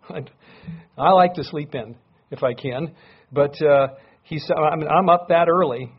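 A man preaching to a congregation in an earnest, conversational way, often turning to rhetorical questions. His voice is a little husky, and the recording is slightly dull and lo-fi. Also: a little high, takes it slowly. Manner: speaks to a live congregation. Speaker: pastor. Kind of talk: sermon.

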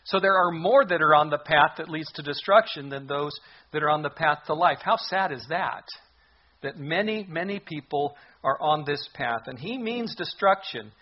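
Pastor, male, husky voice, earnest emphatic sermon, muffled lo-fi recording. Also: fairly high pitch, animated, normal speed. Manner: earnest, emphatic preaching with repetitions.

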